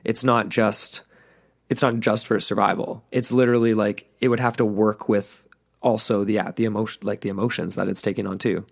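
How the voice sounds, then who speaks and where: A woman co-hosting a casual film podcast, speaking in a relaxed, agreeable way with frequent restarts. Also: very deep voice, brisk, creaky. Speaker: podcast co-host.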